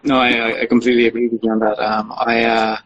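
A man hosting a podcast interview, replying in a halting way with many restarts and fillers. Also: medium pitch, monotone, muffled recording, a little hiss or hum. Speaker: podcast host. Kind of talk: casual interview chat.

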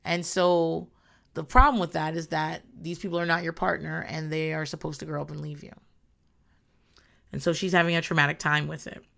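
Woman, low-pitched, gravelly, blunt, rambling, profane, casual recap chat. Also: flat delivery, moderate pace, fairly bright tone. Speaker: podcast host recapping a reality show.

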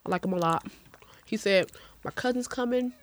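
A woman's voice: medium pitch, moderate pace. A woman hosting a podcast in casual chat, a profane storyteller who laughs often. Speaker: podcast host.

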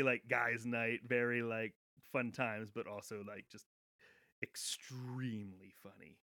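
A man's voice: medium pitch, a little slow, pushed and bright, no echo, studio quality. A man co-hosting a podcast, chatting casually about a TV episode in a loose, rambling way full of false starts. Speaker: podcast co-host. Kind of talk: casual chat recapping a TV episode.

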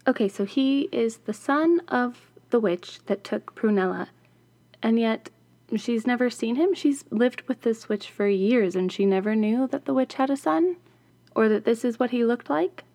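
A woman reads a fairy tale aloud as host of her podcast, breaking off for chatty, wry asides. Her voice sits a little high. The recording is close and dry. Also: unhurried, warm tone, no room sound.

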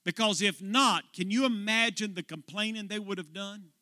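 A male pastor preaching a sermon, putting "uh" before phrases in a rhythmic, rising delivery that builds to shouts. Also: high-pitched, normal speed, dry recording, clean studio sound.

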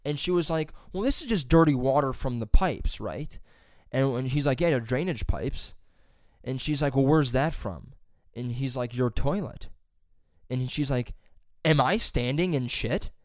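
A young man talks casually and swears constantly as he rambles through a job story. His voice is clear and resonant. It sits at a middle pitch and is recorded close and dry. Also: animated, normal speed, dry recording. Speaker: plumber's helper telling a story. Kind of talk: casual chat.

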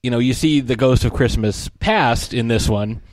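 Man, mid pitch, casual movie talk, does quick impressions; dry close mic. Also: dry recording. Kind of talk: casual chat about a movie.

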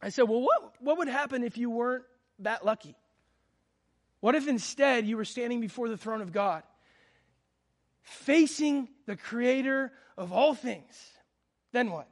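A man's voice: extremely high pitch, animated, moderate pace. A man in his thirties preaching a sermon, telling a personal story with fervent, earnest delivery. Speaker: pastor.

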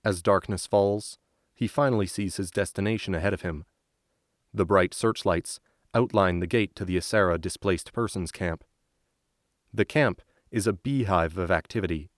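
A man reading a story aloud as narrator, at a slow and measured pace. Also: sits low, dry recording, studio quality. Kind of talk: scripted audiobook narration.

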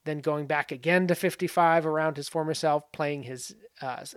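A man's voice: fairly high pitch, steady tone, moderate pace, clean tone, dry recording, studio quality. A man casually talking through film comparisons, rambling with many fillers and asides. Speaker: film commentary host. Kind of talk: casual spoken film analysis.

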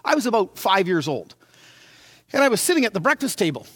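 A man in his sixties preaching a sermon, telling his childhood story in a dramatic, animated way. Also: high-pitched, fairly quick, no echo, studio quality. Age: 60s.

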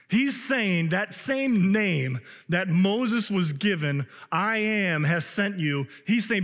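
A male pastor preaching a sermon, reading scripture aloud and stressing key words with a rising voice. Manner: animated, rises in pitch for emphasis, reads scripture aloud. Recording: long hall reverb.

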